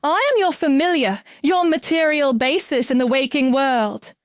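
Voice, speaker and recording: A woman's voice: high voice, moderate pace, dry recording, studio quality, voice pushed up, lightly acted. A grandiose, fraudulent spiritualist voiced by a woman narrator intones her summons in a lifted, solemn voice. She speaks with theatrical self-importance.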